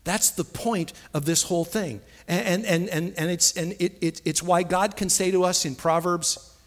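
A middle-aged man preaching a sermon in a church, emphatic and repetitive, swinging between soft asides and loud, stressed phrases. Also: high voice, fairly even intonation, moderate pace. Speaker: pastor. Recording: long hall reverb.

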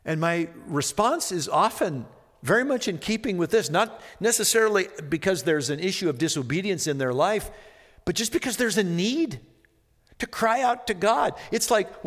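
A man's voice: sits high, expressive. Preaching man in a reverberant hall. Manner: slow emphatic reading rising to impassioned pleas. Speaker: pastor. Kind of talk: sermon reading and explaining scripture.

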